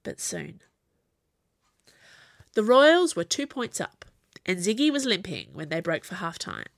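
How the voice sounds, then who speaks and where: A woman's voice: medium pitch, very animated, moderate pace, no room sound. Woman narrating a story, dry close sound. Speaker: audiobook narrator. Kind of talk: scripted narration.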